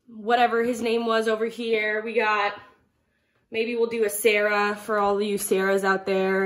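A woman's voice: mid-range voice, fairly bright tone. A young woman hosting a playful cooking demonstration for children, bubbly and jokey, talking straight to the kids at home. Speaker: children's ministry cooking host.

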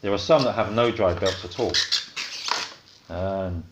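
A man's voice: low voice, a little slow. A man chatting casually as a vlogger, explaining things as he unboxes and assembles a scooter with his child at home. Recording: dull lo-fi audio with steady noise.

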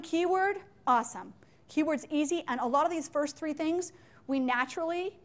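Woman workshop trainer, high voice, playful chatty teaching style, meeting room. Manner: playful, chatty, quick asides and acted-out examples. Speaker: leadership and sales trainer. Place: meeting room with window blinds.

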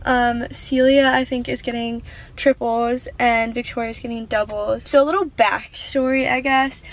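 A young woman vlogger speaks at normal speed in a slightly high, steady voice on a rough recording. Sitting in a parked car, she chats casually and nervously with her viewers, saying "like" a lot.

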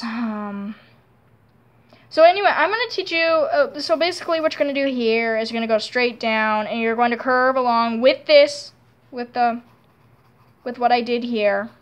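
A young woman giving a casual, rambling drawing tutorial, self-deprecating and quickly frustrated with her own sketch. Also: fairly high pitch, highs cut off.

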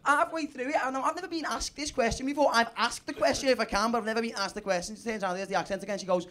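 A man's voice: extremely high pitch, fairly even intonation, rapid-fire, a bit bright. A young man doing a crude, rambling stand-up story on a comedy club stage. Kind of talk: stand-up set. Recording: live club crowd laughter. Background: audience laughing.

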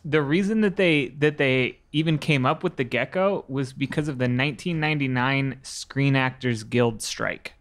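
A man's voice: mid-range voice, moderate pace, hardly any pauses, a bit bright. Matter-of-fact man sharing trivia. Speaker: podcast participant. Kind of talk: casual chat.

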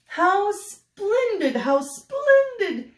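A woman's voice: high voice, sing-song, a little slow, heavily acted. An older woman voicing an earnest, friendly male bear building his own house in a storybook, sounding eager and pleading. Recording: roomy echo.

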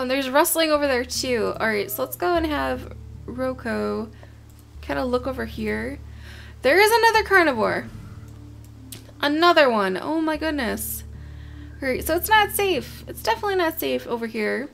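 High, gravelly-voiced young woman gamer. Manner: chatty, talks to her game creatures, easily flustered. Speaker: gaming channel host. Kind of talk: casual let's-play commentary. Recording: soft music behind.

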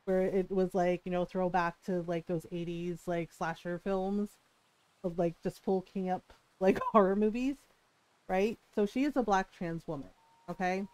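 Animated woman ranting on stream, dry sound. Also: fairly low pitch, unhurried, no echo, poor audio. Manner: animated storytelling rant, frequent laughs and swearing. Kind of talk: casual live-stream chat.

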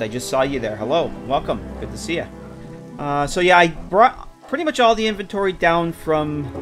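A man casually streaming a game, rambling with lots of fillers and chatting with viewers. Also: fairly high pitch. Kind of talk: casual live-stream commentary.

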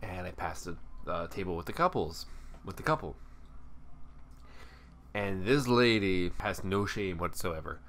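A young man from Texas with a low, deep voice tells a story to the camera in a loose, casual vlog. He talks animatedly and slips into quick impressions of the people in it. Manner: animated, acts out coworkers and guests in quick put-on voices. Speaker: YouTuber telling a work story.

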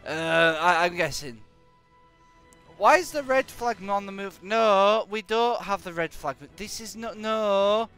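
A live-streaming gamer gives jokey, sarcastic commentary while he plays, animated and prone to bursts of exclamations. His voice sits high and smooth, and he takes it slowly. Faint music plays in the background.

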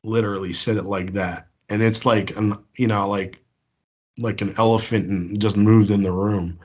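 A man's voice: on the low side, steady tone, normal speed, darkish tone. A man from the US East Coast, calling in to tell his encounter stories in a casual, rambling way, full of fillers and restarts. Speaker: caller sharing encounters. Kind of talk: casual storytelling on a call-in show.

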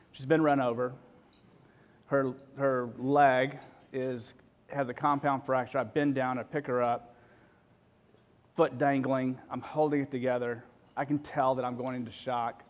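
A man in his forties telling a personal story in an emotional, halting way, full of restarts. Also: mid-range voice.

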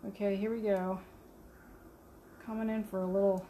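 A woman's voice: mid-range voice, flat delivery, normal speed, lo-fi sound, a little hiss or hum. A woman potter teaching a wheel demo on a livestream, chatting playfully as she works the clay. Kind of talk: live demo talk while working at the wheel.

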